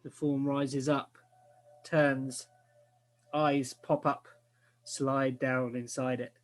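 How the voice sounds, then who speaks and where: A man narrates a tabletop session as game master in an unhurried, halting way, pausing on filler words as he paints each scene. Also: medium pitch, level tone, soft background music.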